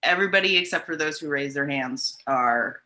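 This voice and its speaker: Low-voiced rambling woman comedian. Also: a little fast, bright, forceful tone. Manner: rambling, self-deprecating, laughs at own jokes. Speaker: stand-up comedian. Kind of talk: stand-up set. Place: home kitchen. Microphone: video call.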